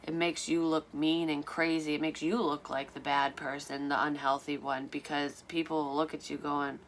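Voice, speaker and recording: A woman with a notably low voice recounts a personal story in a loose, rambling way. She is blunt, drops curse words freely and fills her pauses with "um". There is a faint hiss underneath her speech. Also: little pitch movement. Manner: candid, swears freely, rambling with fillers. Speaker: vlogger telling a personal story. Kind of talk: casual storytelling.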